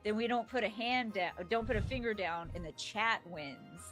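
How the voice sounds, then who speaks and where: A woman's voice: medium pitch, expressive, moderate pace, a bit bright, soft background music. Agreeable, easygoing female stream co-host. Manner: agreeable, laughing, explains games plainly. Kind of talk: casual chat.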